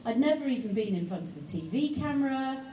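A woman's voice: high voice, fast talker. Woman telling a fun story to an audience, chatty, voice a bit far off, echoey hall. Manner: chatty and lively, teasing the audience with asides. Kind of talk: live anecdote to an audience. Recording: echoey hall, voice picked up from a distance, faint room noise.

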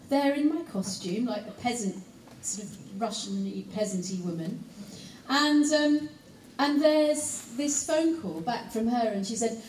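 A woman, an actress, telling a lively anecdote to a live audience and teasing them with asides. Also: a little high, a little slow. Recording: echoey hall, voice picked up from a distance, faint room noise.

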